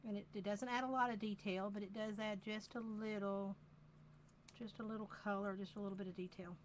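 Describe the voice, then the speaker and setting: Unhurried Southern woman demonstrating crafts. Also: mid-range voice, steady tone, a little hiss or hum. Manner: unhurried, chatty, repeats phrases while working. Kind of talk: live craft tutorial.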